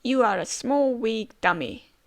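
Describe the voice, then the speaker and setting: A bold, blunt young pirate captain with a slightly high voice, read out by a woman. He talks in a boastful, teasing way, with a gravelly edge. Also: animated, unhurried.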